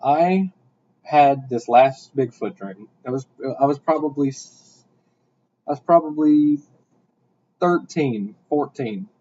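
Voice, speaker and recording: A young man telling a rambling story in casual podcast chat, with animated bursts. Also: mid-range voice, takes it slowly. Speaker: podcast host. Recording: dull lo-fi sound.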